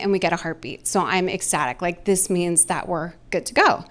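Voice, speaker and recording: A woman in her forties doing storytelling stand-up from a club stage, her voice sitting in a middle register. She talks candidly and mocks herself, laughing her way through a personal story. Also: mid-range voice. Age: 40s. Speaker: stand-up comedian.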